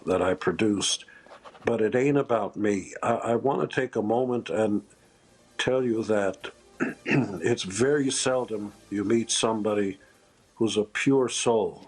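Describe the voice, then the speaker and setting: Older guy, husky low voice, slow choked-up tribute with lots of pauses. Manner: halting, choked up, many pauses. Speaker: interviewed musician. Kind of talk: emotional tribute interview.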